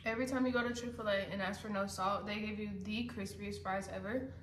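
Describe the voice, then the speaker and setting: A young woman vlogger chats casually and rambles at home, now and then talking with her mouth full as she eats. Her medium-pitched voice is fairly quick, a bit bright, and fairly even in intonation, and she sits hunched over indoors. The roomy home recording carries faint noise.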